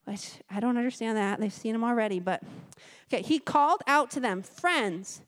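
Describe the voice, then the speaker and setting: A woman's voice: fairly high pitch, brisk. Chatty woman preaching a sermon. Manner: chatty, with joking asides while reading scripture. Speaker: guest speaker at a church service. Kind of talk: conversational sermon with scripture reading. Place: church service.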